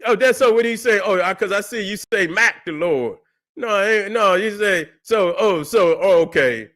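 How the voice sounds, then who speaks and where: A man with a high voice rants through a livestream, swearing at nearly every turn. He repeats himself, drawls out his mockery and keeps hailing his viewers to come back. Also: moderate pace. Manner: loud, fiery and repetitive, swearing constantly; calls out to viewers, drawling and mocking at times. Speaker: channel host. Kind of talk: profane livestream rant.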